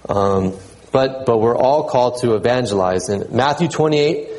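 A male pastor preaching to his congregation in an easygoing, talky manner. He restarts his phrases, repeats himself and leans on little fillers between points. His voice sits at an ordinary middle pitch for a man. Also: animated, normal speed, darkish tone, poor audio. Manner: conversational, repeats words, many fillers. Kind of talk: sermon.

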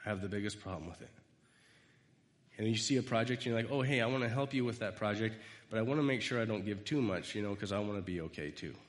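A man's voice: fairly low pitch, fast, long reverb tail. A man giving an informal sermon, rambling through personal stories and acting out quoted lines. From United States. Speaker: speaker giving a devotional talk.

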